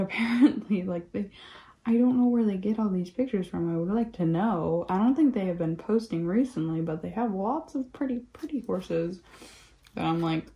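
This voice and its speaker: A woman's voice: medium pitch, a little hiss or hum. A young woman chatting casually while crafting, rambling with lots of "like" and acting out quotes as she tells stories. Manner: rambling, peppered with "like", animated retelling of quotes. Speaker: craft vlogger. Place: home craft room.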